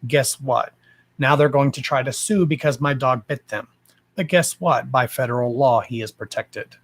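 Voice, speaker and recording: A man's voice: mid-range voice, moderate pace. A man hosting a casual livestream from home, talking bluntly and swearing freely in a fired-up, emphatic rant. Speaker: livestream host.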